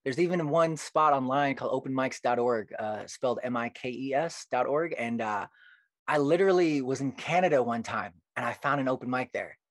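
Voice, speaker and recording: A man's voice: medium pitch, a little fast, dry recording. Earnest man telling stories, dry sound. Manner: earnest, animated storytelling. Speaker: poet guest. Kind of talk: casual podcast conversation.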